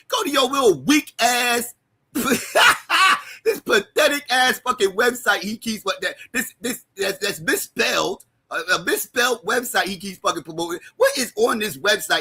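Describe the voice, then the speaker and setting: Sharp-voiced man ranting, raspy. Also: high voice. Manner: heated, mocking, often shouting. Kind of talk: profane roast rant.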